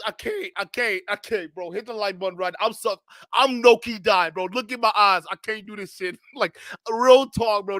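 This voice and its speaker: High-voiced guy reacting to a clip, laughing and yelling, cussing a lot, bright dry sound. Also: no room sound. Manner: laughs loudly, shouts in disbelief, swears; blunt street slang, addresses viewers directly. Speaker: reaction video host. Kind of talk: reaction commentary.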